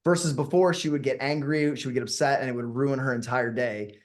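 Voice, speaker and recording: A man, a hypnotist and workshop leader, teaching and then guiding a meditation, speaking slowly and soothingly and asking the audience questions. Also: mid-range voice, steady tone.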